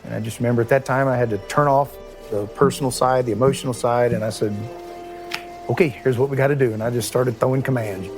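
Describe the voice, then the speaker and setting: A middle-aged man with a Kentucky accent, a former police chief recalling a night in a halting, emotional interview, with many restarts and trailing pauses. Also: medium pitch, steady tone, music in the background. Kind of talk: recorded interview recollection.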